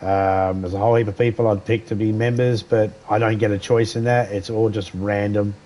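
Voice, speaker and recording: A man's voice: fairly low pitch, little pitch movement, brisk, mellow. A man with an Australian accent chatting casually on a live game stream, greeting viewers by name and cracking crude jokes. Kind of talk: casual live-stream chat over gameplay.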